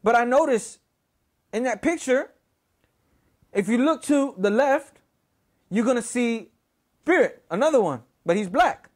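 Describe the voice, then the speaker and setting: Dude, high voice, cussing a lot, keeps saying you know and right. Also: male voice, lively intonation, measured pace, pauses often. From Houston, Texas. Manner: profane and rambling, full of "you know" and "right?". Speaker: storyteller. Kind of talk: casual storytelling.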